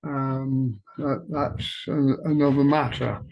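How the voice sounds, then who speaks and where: A man on a video call giving a halting, thoughtful introduction to the piece he is about to perform. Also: mid-range voice, steady tone, gravelly, lo-fi sound.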